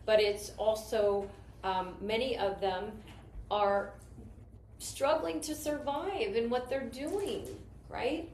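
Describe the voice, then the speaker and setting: A woman's voice: on the high side, takes it slowly, a little mellow. Enthusiastic woman, roomy echo. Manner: enthusiastic, rambling, storytelling. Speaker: network marketing team leader. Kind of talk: casual motivational talk. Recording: roomy echo with faint noise.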